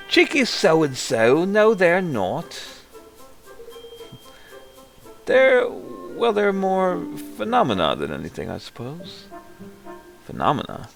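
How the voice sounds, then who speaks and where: A man voicing a cheery, kindly older woman in a high, sing-song, fussing voice. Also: huge pitch swings, slow pace, vocal fry, fairly bright tone, soft background music, heavily acted. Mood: chatty.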